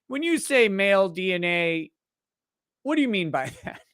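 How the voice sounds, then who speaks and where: A man hosting a casual livestream, reading viewer chat messages aloud and joking, often restarting his sentences and growing animated in his stories. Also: high-pitched, clean tone, dry recording, clean studio sound. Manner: rambling and joking, with halting restarts; animated when telling stories. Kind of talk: casual live-stream chat.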